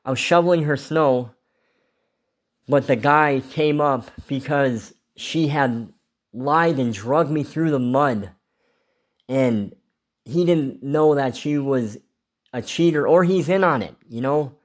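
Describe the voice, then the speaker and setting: A male vlogger with a medium-pitched voice speaks slowly, telling a rambling, emotional personal story. The casual confessional vlog features plenty of swearing.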